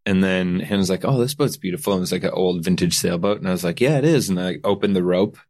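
Low-voiced Canadian man telling a story. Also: quick pace. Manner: animated storyteller acting out quoted lines. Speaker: guest. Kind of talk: casual storytelling chat.

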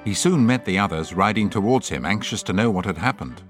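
Male storybook narrator, lowish voice, lively and expressive, soft music. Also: a little fast.

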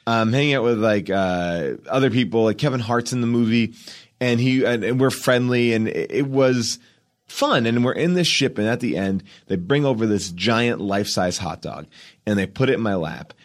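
A man who is a podcast guest, telling anecdotes in a lively, animated way and acting out the dialogue. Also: medium pitch, normal speed. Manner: animated storyteller, acts out dialogue.

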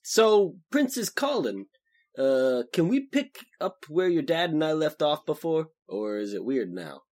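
A man's voice: a little high, big pitch swings, measured pace, darkish tone. A man voicing an awkward, eager young knight who talks in a sheepish, hopeful way.

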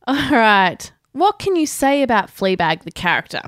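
A woman's voice: on the high side, very animated, fairly quick, dry recording. A woman, co-hosting a podcast and delivering a prepared review in a dry, sardonic manner, swearing freely. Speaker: podcast co-host. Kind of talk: prepared review read aloud.

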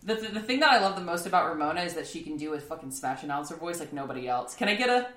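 A woman's voice: lowish voice, animated, rapid-fire, a bit bright. A woman co-hosting a podcast, chatting casually about an anime, rambling with many restarts and laughs. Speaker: podcast co-host. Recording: roomy echo.

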